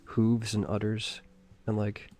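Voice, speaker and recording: A man's voice: lowish voice, monotone, slow pace, darkish tone. A man streaming as he draws, chatting casually in a rambling way with chuckling asides. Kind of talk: casual chat while drawing.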